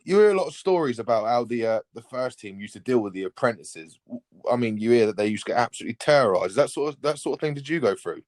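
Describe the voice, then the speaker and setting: An English man hosting a podcast, asking questions and chiming in with quick agreement. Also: medium pitch, lively intonation, a little mellow. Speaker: podcast host. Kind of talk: casual interview chat.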